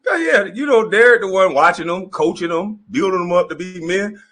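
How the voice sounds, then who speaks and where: A man's voice: high-pitched, brisk, fairly bright tone. A man delivering a profane comedic roast rant, laughing often as he goes. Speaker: commentator.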